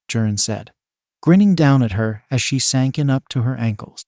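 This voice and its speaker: A man's voice: mid-range voice, moderate pace, darkish tone, no room sound, studio quality. A man steadily narrating a fan fiction story.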